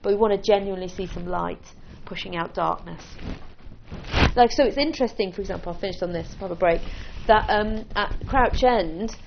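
A woman's voice: medium pitch, brisk, vocal fry, muffled recording, background noise. A woman giving an informal teaching talk to a small group as a church leader, conversational and full of restarts. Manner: conversational, with restarts and light laughs.

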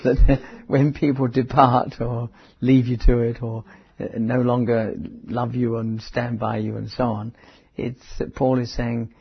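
A man preaching a conversational Bible teaching, halting, with restarts and asides. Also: medium pitch, level tone. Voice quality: very husky. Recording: dull lo-fi sermon recording.

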